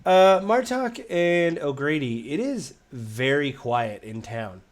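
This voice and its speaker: A man's voice: a little high, big pitch swings, slow pace, background noise. Rambling man running a tabletop game. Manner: casual, rambling with many fillers. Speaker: game master.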